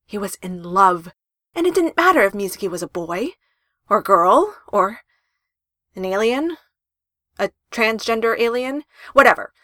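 A woman reading a story aloud in an expressive narration style with emphatic rises. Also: mid-range voice, a little slow, pauses often, dry recording, clean studio sound.

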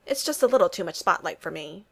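A woman's voice: fairly low pitch, animated, fast, creaky, breathy edge, full character voice. A woman reading a laid-back cocky archer. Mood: offhand. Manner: offhand, mumbling.

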